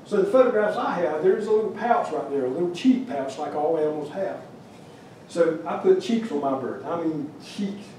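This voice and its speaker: A wildlife carver with a warm, animated, slightly high voice speaks at a moderate pace during a museum talk about his carving. The lecture is humorous and rambling with many restarts, picked up by a distant mic in an echoey room with slight background noise.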